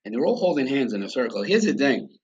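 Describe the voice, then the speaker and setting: Blunt, husky-voiced New man. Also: medium pitch, quick pace, highs cut off. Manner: blunt, profane, animated storyteller. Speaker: podcast guest. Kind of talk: casual storytelling.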